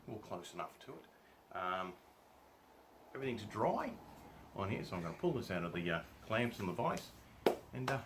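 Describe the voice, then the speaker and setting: Man, casual workshop vlog narration, self-deprecating and jokey, very lively intonation, faint background noise. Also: lowish voice. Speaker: woodworking vlogger. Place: home workshop.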